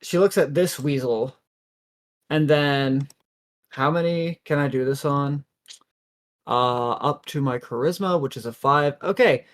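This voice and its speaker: A tabletop player describing their character's moves in a loose, casual way. They joke around and swear often, with a lively, animated delivery. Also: medium pitch, unhurried. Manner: profane, joking, animated.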